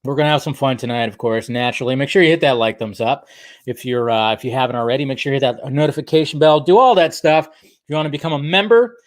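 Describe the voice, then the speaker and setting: A man's voice: mid-range voice, fast. A young man hosting a casual live stream, chatting in a rambling way and talking straight to viewers in the chat. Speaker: host.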